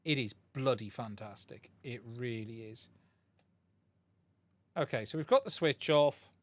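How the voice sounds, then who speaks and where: A medium-pitched male voice at a measured pace, with no room sound. The streamer is fixing a radio controller live at his workbench, talking through his thoughts and chatting to viewers, using a desk mic and changing mics during the stream.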